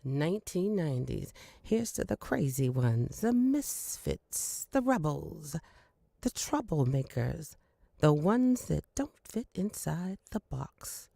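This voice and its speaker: A woman's voice: very animated, takes it slowly, creaky, dark tone, no room sound, studio quality. A woman voice-over contestant from Canada reading a string of commercial tags with playful, dramatic delivery. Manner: playful, dramatic delivery with big pitch swings.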